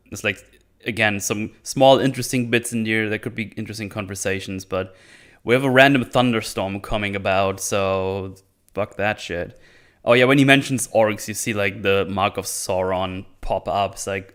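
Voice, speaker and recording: A man's voice: fairly low pitch, steady tone, moderate pace, fairly bright tone, clear, resonant tone. A man ranting through a casual review with lots of swearing and sarcasm, mocking characters in put-on voices. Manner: profane, sarcastic, mocks characters in silly voices. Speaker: video reviewer.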